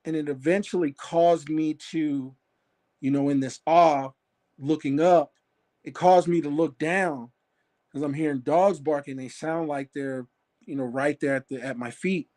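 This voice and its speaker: A man's voice: fairly high pitch, fairly even intonation, unhurried, mellow. A man on a call telling a long personal story in a rambling way, with many fillers and restarts. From Phoenix area. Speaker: caller sharing a sighting. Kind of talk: casual storytelling. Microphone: phone on a call.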